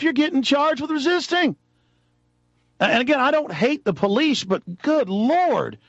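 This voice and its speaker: A man hosting a radio talk show, delivering a heated, angry political rant that builds into shouting. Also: extremely high pitch, no room sound, muffled recording. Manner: fast, angry, rising to shouts. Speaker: radio host.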